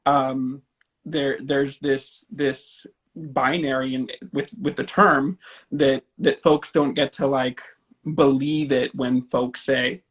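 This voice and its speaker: A man from Napa, California, leads a relaxed interview with an artist. His voice is medium in pitch, and he works through his points slowly, with plenty of fillers and checking "right?" along the way. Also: husky. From Napa, California, USA. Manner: thoughtful, hesitant, with fillers and tag questions. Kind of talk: casual interview conversation.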